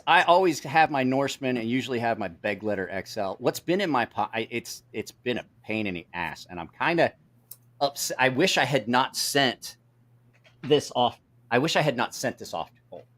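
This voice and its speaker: A man's voice: medium pitch, lively intonation, normal speed, a bit bright. A middle-aged man hosting a casual live chat, telling salty stories and acting out quotes. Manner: swearing storyteller, acts out quotes. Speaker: host.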